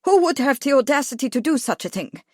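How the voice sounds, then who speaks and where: A woman's voice: mid-range voice, animated, moderate pace, darkish tone, no echo, studio quality, close to an everyday voice. A woman voicing a commanding, imperious prince in an audiobook. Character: imperious royal prince, older man.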